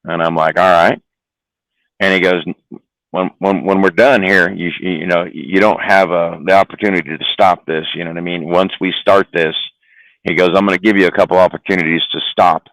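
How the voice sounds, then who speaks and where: Gruff-sounding low male trucker, swears freely, dry close sound. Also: steady tone, normal speed, fairly bright tone, no room sound, rough recording. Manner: rambling, profane, repeats words. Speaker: trucker guest. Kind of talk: casual storytelling on a live stream.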